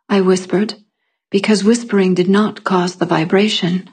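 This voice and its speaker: A woman narrating a first-person fantasy story in a calm, measured storytelling manner. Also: mid-range voice, slightly rough. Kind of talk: scripted fiction narration.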